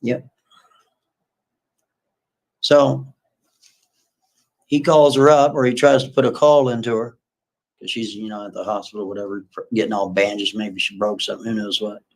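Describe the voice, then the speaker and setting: A man's voice: fairly low pitch, level tone, normal speed, long pauses. A man casually retelling a story on a live stream, rambling and folksy, with lots of asides.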